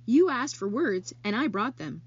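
A woman voicing a grumpy, put-upon male barn rat who grumbles in a high, husky voice. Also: big pitch swings, normal speed, dull audio. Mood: grumbling.

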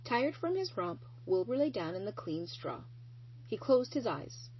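A woman narrating a children's novel aloud in an expressive storytelling manner. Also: medium pitch, unhurried, highs cut off, a little hiss or hum.

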